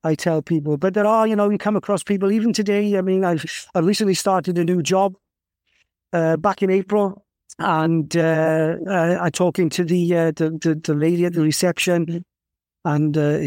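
A man in his fifties from South Wales with a Welsh accent, a guest telling his story in a rambling, halting way with many restarts. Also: high voice, steady tone, darkish tone, dry recording, clean studio sound. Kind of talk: casual interview conversation.

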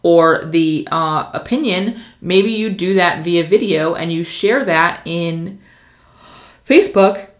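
A woman who coaches social media marketing gives a casual instructional talk to camera, speaking quickly and excitedly in a lowish voice. She's fast, energetic and passionate, with plenty of fillers, and the room has a noticeable echo.

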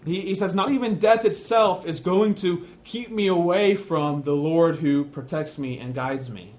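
Man preaching a measured sermon. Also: a little high, a little mellow. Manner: slow, deliberate emphasis, repeating key phrases. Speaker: pastor.

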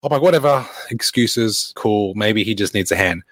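A man, a fitness coach giving a blunt, swearing motivational talk with animated stories. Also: fairly low pitch, moderate pace, no room sound. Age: late 20s.

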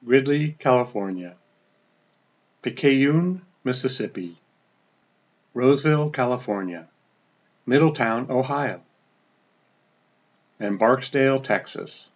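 A man's voice: slow, pauses often. Casting note: man podcast host, easygoing, list-reading delivery, muffled lo-fi sound. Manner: relaxed, stumbles over foreign names and apologizes; pitch drops at the end of each place name. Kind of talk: casual podcast update, reading a list of listener locations.

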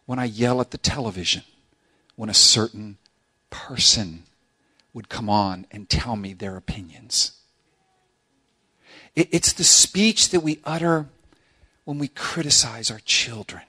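Animated, bright-voiced male pastor preaching. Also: medium pitch, slightly rough. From South Florida. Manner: animated, humorous, acts out quoted voices. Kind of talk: sermon. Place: church sanctuary with congregation.

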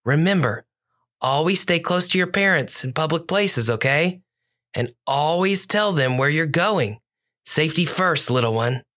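A storyteller voicing a brave, kind male police cat officer who speaks softly and reassuringly in a children's story. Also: medium pitch, lively intonation, slow, hardly any pauses, voice pushed up. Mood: gentle. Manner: gentle, soft and reassuring.

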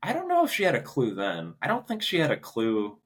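A man's voice: mid-range voice, huge pitch swings, fairly quick, husky. A young man co-hosting a podcast, talking casually and hesitantly about a movie, with many fillers and restarts. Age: young adult. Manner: hesitant, lots of "like" and restarts, laughs easily. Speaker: podcast co-host.

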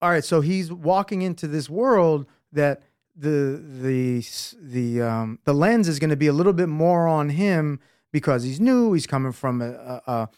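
Dad on a podcast, kinda high voice, earnest, acts out quotes, dry sound. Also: male voice, expressive, normal speed, darkish tone, clean tone, dry recording. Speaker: podcast co-host, father. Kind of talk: casual podcast chat.

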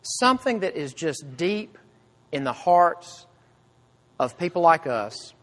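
A man preaching a sermon with earnest emphasis, swinging between loud cries and hushed low phrases. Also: sing-song, slow pace, big-room sound. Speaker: pastor.

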